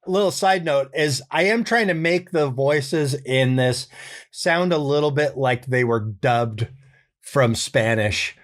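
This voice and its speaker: A man recording his own character voices and calmly explaining his process, relaxed, thinking aloud and amused at himself. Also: medium pitch, slow pace. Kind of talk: casual behind-the-scenes explanation.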